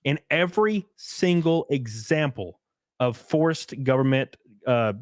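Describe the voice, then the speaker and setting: A man's voice: mid-range voice, takes it slowly, dry recording, studio quality. Blunt, profane man in casual chat. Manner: blunt, profane, animated storytelling. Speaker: podcast host. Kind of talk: casual chat reading viewer comments.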